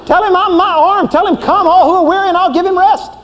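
A man voicing a stern holy male God who scolds and banishes a sinner, shouting often. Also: extremely high pitch, quick pace, voice pushed up. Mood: urging. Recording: reverberant hall, faint noise.

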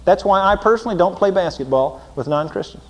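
A man preaching a folksy sermon, swinging from loud emphatic lines to low intense asides. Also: lively intonation, fast, very noisy. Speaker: pastor. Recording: long hall reverb.

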